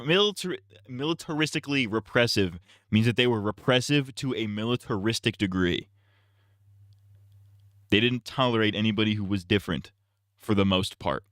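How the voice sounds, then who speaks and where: A man's voice: fairly low pitch, fairly bright tone, no echo, studio quality. A man streaming and casually reacting to a video, with crude, mocking banter.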